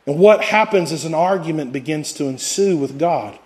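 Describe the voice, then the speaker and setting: Pastor, male, high-pitched, sermon delivery with rising and falling intensity. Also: animated, moderate pace, darkish tone. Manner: preaching with swells and drops in intensity.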